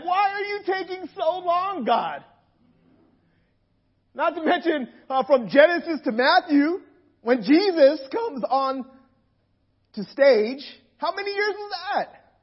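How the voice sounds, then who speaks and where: A hoarse man preaching a sermon to a congregation, impassioned, sinking to a hush and then swelling to near shouts. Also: very high-pitched, dull audio. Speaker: pastor. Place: room with a gathered congregation.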